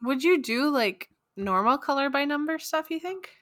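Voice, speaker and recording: An enthusiastic woman co-hosts a casual podcast chat, laughing easily. Her bright voice swings widely in pitch, and it is recorded close and dry. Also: animated, moderate pace, dry recording. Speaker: podcast co-host.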